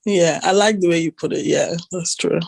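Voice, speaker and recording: A woman's voice: fairly low pitch, moderate pace, vocal fry, a little mellow, no room sound. A woman co-hosting a casual chat, giggly and hesitant, often searching for her words. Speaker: podcast co-host.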